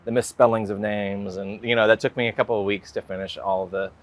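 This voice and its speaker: American man, lowish voice, rambling casual talk, many fillers. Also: fairly even intonation, quick pace. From United States. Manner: rambling, full of "like" and "you know" fillers. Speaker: guest artist.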